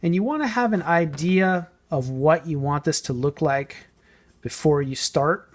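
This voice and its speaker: A man casually explaining a painting technique as he works, thinking aloud and sometimes trailing off softly. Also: a little high, a little slow. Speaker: model painting tutor. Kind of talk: casual hands-on painting tutorial.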